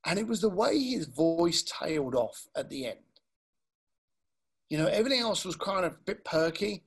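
An animated man tells a story, his high voice swinging widely and gravelly at the edges. He acts out each person he quotes. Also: moderate pace. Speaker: speaker. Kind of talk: storytelling talk.

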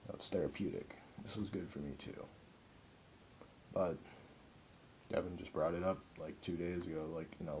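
A man's voice: low voice, steady tone, moderate pace, pauses often, a little mellow, slight background noise. A young man hosting a podcast, talking alone in an earnest, rambling, reflective way with many filler words. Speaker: podcast host. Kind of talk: reflective solo podcast monologue.

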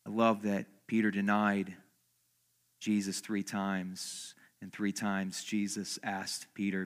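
A male pastor preaching a dramatic sermon at a church service, swinging from loud emphasis to soft, near-whispered lines. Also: on the low side, flat delivery, slow.

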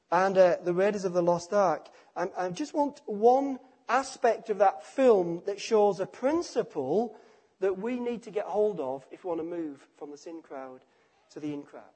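A man preaching a sermon, emphatic and repetitive, letting his phrases fall quiet at the ends. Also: sits high, slightly rough. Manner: emphatic, repeats phrases, drops to quiet endings.

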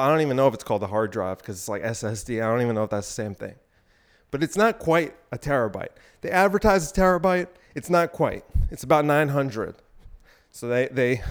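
A young man hosting his podcast, ranting crudely with many asides while exercising on an elliptical. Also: mid-range voice. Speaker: podcast host. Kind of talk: rambling solo podcast talk.

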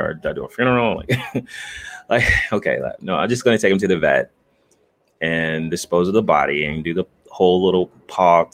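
A man who makes videos, talking casually and softly to his viewers in a rambling way, with lots of fillers and restarts. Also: deep voice. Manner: rambling, soft-spoken, frequent fillers and restarts. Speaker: video creator. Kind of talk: casual livestream chat.

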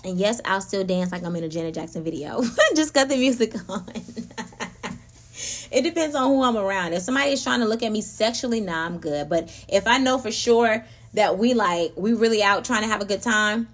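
Animated woman chatting with listeners. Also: medium pitch, a little fast. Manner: animated, laughs often, talks straight to listeners. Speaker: podcast host. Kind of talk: casual spiritual talk.

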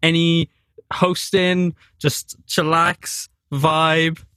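A man hosting a podcast, excitable and playful, laughing often in casual chat. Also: on the high side, extremely slow, no room sound. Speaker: podcast host.

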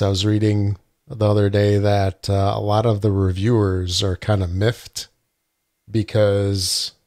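Slow, low-voiced man, dry sound. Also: a little mellow, no room sound. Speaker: podcast co-host. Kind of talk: casual gaming chat.

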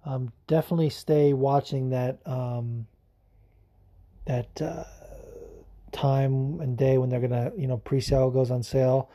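A man hosting a podcast in casual, rambling chat, excitable and swearing freely. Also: medium pitch, a little slow. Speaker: podcast host.

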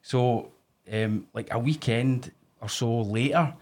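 A man's voice: medium pitch, slow pace. A man with a Glaswegian accent hosting a podcast, telling sweary stories in casual chat. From Scotland. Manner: sweary, storytelling, animated when excited. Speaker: podcast host.

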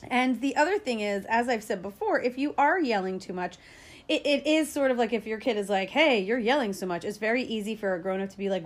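A woman's voice: a little high, expressive, a little fast. A woman giving casual parenting advice, chatty and upbeat, with filler words and small laughs, acting out what parents and kids might say. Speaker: parenting educator.

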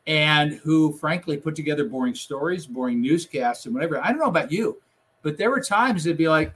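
A man's voice: fairly high pitch, normal speed, husky. A man who once produced TV newscasts, telling funny stories in a casual chat. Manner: animated, laughing storyteller. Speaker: former TV news producer.

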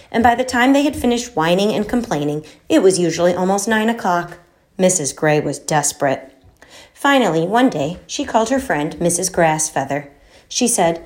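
A woman narrating a children's chapter book aloud, measured and storytelling in manner. Her voice sits a little low. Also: darkish tone.

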